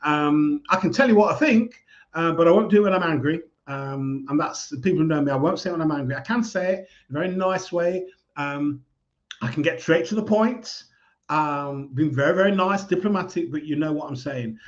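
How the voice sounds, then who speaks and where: Calm man giving advice. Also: on the high side, highs cut off. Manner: calm, measured, diplomatic. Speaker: speaker giving life advice. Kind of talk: casual advice talk.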